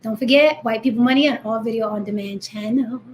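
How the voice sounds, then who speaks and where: A woman's voice: fairly high pitch, fairly quick, slight background noise. A woman in her thirties from the Bronx with a New York accent, talking bluntly and defiantly to her viewers in a vlog. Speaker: vlogger. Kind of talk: direct-to-camera rant.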